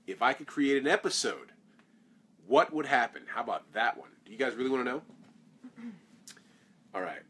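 A man's voice: medium pitch, very animated, moderate pace, pauses often, a bit bright, a little hiss or hum. A man, an actor, answering fan questions in a casual live Q&A, reading each question aloud and rambling through his answers.

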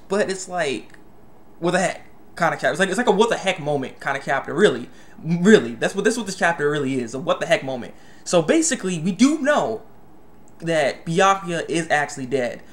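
A young man giving a casual spoken manga review, excitable and stammering with many restarts. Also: fairly high pitch.

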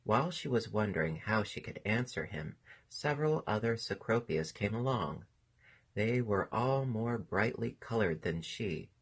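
Male narrator for a storybook, gentle and expressive, low voice with lively melody. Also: measured pace, husky. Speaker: reader.

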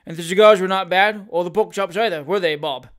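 A cocky young medical student in a storybook reading, brisk and offhand. A reader puts him on, a touch higher and louder than the narration. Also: lightly acted.

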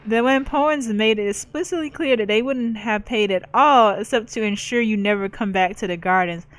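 A woman's voice: mid-range voice, normal speed, dry recording, lightly acted, poor audio. A woman gamer reading out the lines of an irritated woman crime fixer, blunt and threatening. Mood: stern.

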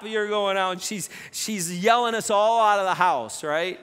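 A middle-aged man preaching a sermon, telling a lively story with many repeated starts. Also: high-pitched, normal speed, few pauses, smooth. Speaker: pastor. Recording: long reverb in a church hall.

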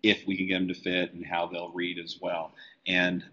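A man who letters comic books, teaching a live software tutorial and talking easily as he works on screen. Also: sits low, normal speed, dull audio. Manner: relaxed, talks while working on screen. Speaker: comic book letterer and design educator.

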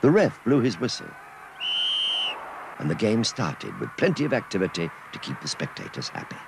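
A man narrating a children's cartoon story in an expressive storytelling manner. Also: on the low side, moderate pace, gravelly, noisy background.

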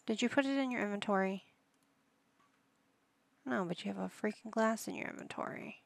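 A woman's voice: medium pitch, normal speed, gravelly, dry recording. A woman hosting a life-sim gameplay video in casual commentary, directing her characters like a patient parent with wry, mildly exasperated asides. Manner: bossing game characters around like a patient parent. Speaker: gaming channel host.

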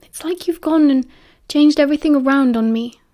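A woman's voice: sits high, warm tone, lightly acted. A woman doing a hesitant, hurt British teenage boy. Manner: halting, hesitant, gruff.

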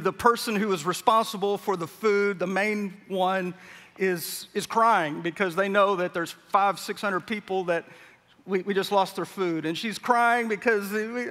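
A middle-aged pastor preaches in a big church, his voice high and bright. Long reverb from the sanctuary trails behind his words. He tells a story and acts out the people in it. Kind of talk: sermon.

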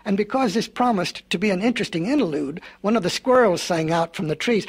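A man's voice: high voice, lively intonation, a little fast, few pauses, breathy edge. A man narrating a storybook record in a folksy way, with rambling asides.

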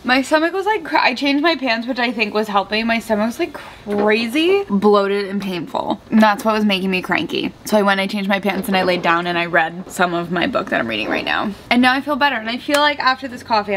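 A woman's voice: mid-range voice, noisy background. Chatty woman vlogging casually. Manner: chatty, rambling, frequent "like" and "I feel like". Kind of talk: casual vlog chat. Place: at family's house, working on a van.

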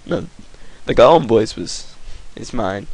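A man doing goofy, excitable gameplay commentary, his voice affected by a cold. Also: lowish voice, slow, breathy edge, dry recording, low-quality recording. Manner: goofy, excitable, yelps at the game. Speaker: gaming YouTuber.

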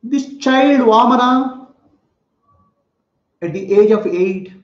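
A man's voice: very high voice, slow. A man, a spiritual teacher, telling a sacred story for children in simple, repetitive words and explaining terms. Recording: echoey room, dull lo-fi sound.

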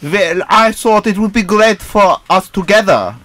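A man's voice: high-pitched, unhurried, fairly bright tone. A young man performing improvised comedy, exaggerated and giggly. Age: young adult.

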